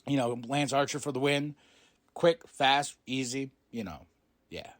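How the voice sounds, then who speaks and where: A man hosting a podcast, casually recapping a show, excitable, laughing often and swearing freely. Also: mid-range voice, measured pace. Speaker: podcast host.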